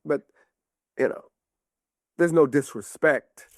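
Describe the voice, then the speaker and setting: A man's voice: fairly high pitch, slow. A comedian guest chatting casually and animatedly, acting out voices as he tells stories. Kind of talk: casual storytelling chat.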